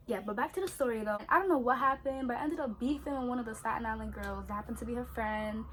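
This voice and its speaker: A young woman, chatting in an animated, slangy way as she tells a story during her skincare routine. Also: on the high side, quick pace, few pauses, slight background noise. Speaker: beauty vlogger.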